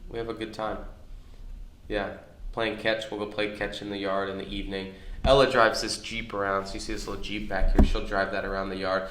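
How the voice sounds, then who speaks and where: A man in his thirties, a podcast co-host, tells long family stories in a low voice, doubling back and restarting as he talks. The recording is echoey, with faint ambient noise underneath. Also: level tone, a little fast, a bit bright. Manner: rambling anecdotes with many restarts. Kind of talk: casual storytelling chat. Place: on location near his home.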